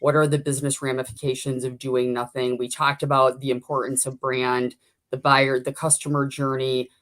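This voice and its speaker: A woman's voice: extremely low pitch, flat delivery, normal speed, a bit bright. A woman guest on a business webcast, explaining her sessions in an upbeat, fluent way. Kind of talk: casual webcast chat.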